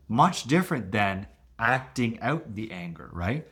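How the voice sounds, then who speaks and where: A middle-aged man explaining relationship conflict as a coach, lively and expressive, often acting out what partners say. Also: a little slow, breathy edge. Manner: animated, acts out quoted voices with big pitch jumps. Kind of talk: teaching talk to camera.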